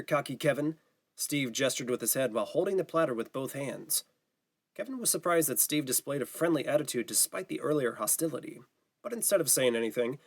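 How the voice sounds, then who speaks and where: Male audiobook narrator, mid-pitched, steady, even delivery. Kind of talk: scripted narration.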